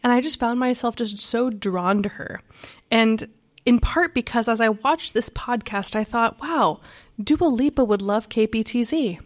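A woman's voice: on the high side, unhurried. A woman hosting a community radio fund drive, bantering playfully and laughing often.

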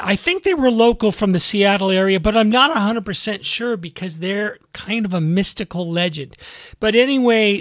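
A man's voice: high voice, a bit bright, no room sound, studio quality. A man hosting a community radio music show, chatting casually and rambling between songs. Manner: rambling, self-correcting, chatty.

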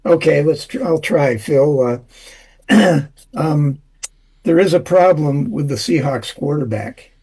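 A man who is a regular guest giving weather and jokes, talking in a folksy, hesitant way with many pauses. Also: a little high, animated, mellow, breathy edge. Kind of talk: casual chat.

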